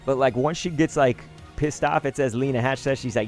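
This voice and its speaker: A man's voice: mid-range voice, fairly quick, soft background music. Chatty man rambling through a story. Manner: rambling, chatty, swears casually, lots of "like". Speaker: YouTube card-opening host. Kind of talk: casual storytelling vlog.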